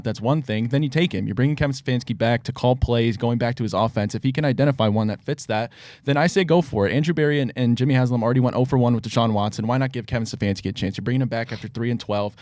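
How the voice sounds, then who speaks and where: Rapid-fire male football analyst. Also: mid-range voice, darkish tone, no echo. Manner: rapid-fire, rhetorical questions. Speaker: sports analyst. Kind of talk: live sports talk panel.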